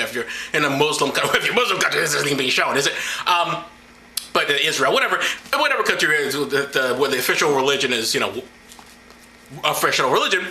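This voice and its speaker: A man's voice: a little high, bright, forceful tone, slight background noise. A man hosting a comedic video, reading the Bible aloud with mocking, rambling sarcasm. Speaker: vlog host. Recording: roomy echo.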